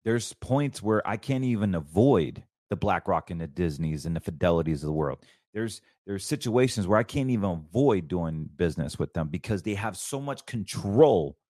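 Male show host, lower voice, fervent and preachy, dry recording. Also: lively intonation, moderate pace, warm tone, no room sound. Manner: fervent, preachy, rambling with restarts. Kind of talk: casual financial commentary.

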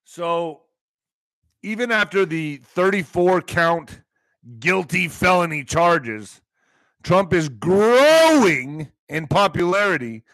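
A male host of a live online commentary show, talking in a rambling, excitable way that sometimes bursts into shouting. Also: high-pitched, slow, dry recording.

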